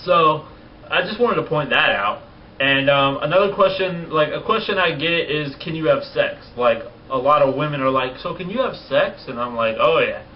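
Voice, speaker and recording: A man in his twenties talking casually on a vlog, blunt and profane, rants that get animated. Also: fairly high pitch, normal speed. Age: 20s. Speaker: vlogger. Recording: distant lo-fi mic with faint noise.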